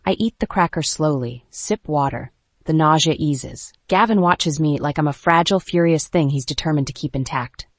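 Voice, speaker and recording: A woman narrating a first-person romance audiobook in a hushed, intimate way, recorded close and dry. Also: sits low, normal speed, dry recording.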